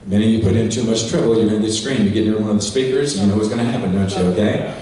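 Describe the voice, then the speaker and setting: A man's voice: fairly low pitch, rapid-fire, warm tone, slight background noise. A man presenting live to a seminar audience, folksy and instructive, talking through a handheld microphone over a PA while directing the sound tech. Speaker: presenter at a sales training event. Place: large echoing hall with an audience. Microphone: cordless handheld microphone over a PA. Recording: echoey hall recorded from far off.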